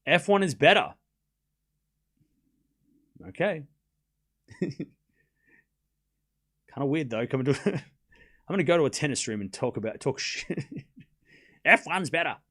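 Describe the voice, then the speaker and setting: Bright-voiced Australian man calling tennis. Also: on the high side, expressive, a little slow, long pauses. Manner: chatty, reads chat aloud, laughs often. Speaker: streamer and tennis commentator. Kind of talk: casual live watchalong commentary.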